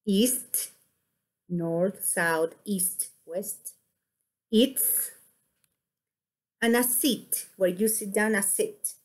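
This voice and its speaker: A woman English teacher with an Ecuadorian Spanish accent, a native Spanish speaker, giving an online lesson and repeating phrases slowly to model intonation. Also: medium pitch.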